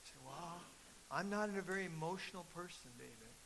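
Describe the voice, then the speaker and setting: A middle-aged man preaching a sermon as pastor, telling stories and building to loud, emphatic peaks. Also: sits high, expressive, a little fast, gravelly, noisy background.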